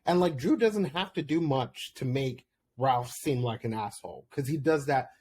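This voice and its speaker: Male podcast host, mid-range voice, casual solo commentary, candid, laughs easily, spikes high when excited. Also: normal speed. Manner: chatty, candid, with laughs and sudden high bursts.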